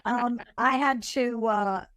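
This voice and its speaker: A woman from Massachusetts, a former radio news director, chatting as a podcast guest in a clear, measured way. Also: fairly high pitch, fairly even intonation, a bit bright, no echo, studio quality. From Massachusetts, USA. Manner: articulate, measured radio-trained delivery. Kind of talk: casual interview chat.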